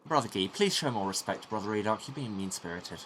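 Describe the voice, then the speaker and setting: A man voicing a polite, earnest monk who gently reproves others. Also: on the low side, animated, fast, slight background noise.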